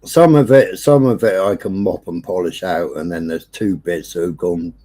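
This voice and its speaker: A man's voice: sits low, normal speed. Sweary man telling a story. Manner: swears constantly, animated storytelling. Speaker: livestream host. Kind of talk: casual chat. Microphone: streaming setup.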